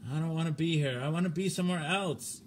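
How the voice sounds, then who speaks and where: A man's voice: fairly high pitch, fast, a little hiss or hum, pitched above the performer's own voice, natural voice. A man voicing a panicking astronaut falling through space, whimpering and pleading. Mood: frightened.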